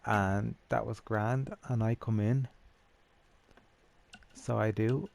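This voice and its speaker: Gravelly low Irish young man. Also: steady tone, moderate pace, a little mellow. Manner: rambling, profane, chatty. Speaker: gamer telling a story. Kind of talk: casual storytelling over gameplay.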